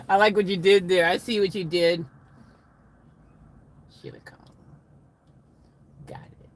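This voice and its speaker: A man's voice: sits high, moderate pace. A man casually chatting with his livestream viewers from inside a vehicle, rambling and giggling as he talks to them.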